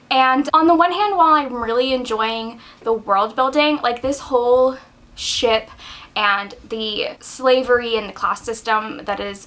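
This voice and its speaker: Bright-voiced young woman chatting about books. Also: a little high. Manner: chatty, with frequent "like" fillers. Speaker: book vlogger. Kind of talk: casual book review vlog.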